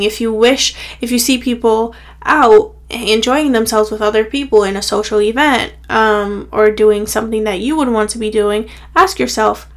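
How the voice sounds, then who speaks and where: A young woman hosting her own podcast, talking in a chatty, rambling way full of "like", a bit tired and out of breath. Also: a little high. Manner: chatty, rambling, heavy filler "like". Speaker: podcast host. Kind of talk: casual solo podcast pep talk.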